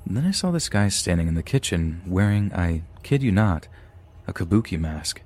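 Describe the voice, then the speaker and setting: A man's voice: low-pitched, lively intonation, normal speed, a little mellow. A man, a podcast host, reading a scary story aloud with some dry asides.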